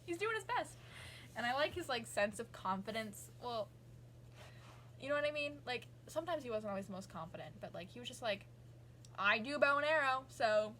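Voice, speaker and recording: A young woman talks at home in a loose, rambling vlog voice, piling on fillers as she gushes about things she loves. Her voice sits a little high, and a faint hiss runs under the recording. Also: very animated, brisk, fairly bright tone. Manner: rambling, gushing, many fillers. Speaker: vlogger. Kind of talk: casual chat.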